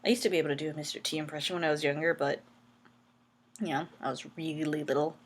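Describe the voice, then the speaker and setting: A woman's voice: low-pitched, fairly even intonation, quick pace. Woman, let's play player, reads story aloud, self-deprecating asides, casual. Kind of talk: reading an interactive story aloud.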